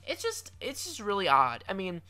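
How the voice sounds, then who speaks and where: A man's voice: high voice, wildly swooping pitch, moderate pace, pushed and bright. A young man giving chatty, playful commentary over a video game, with lots of stammered restarts and mock-dramatic asides. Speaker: gaming commentator.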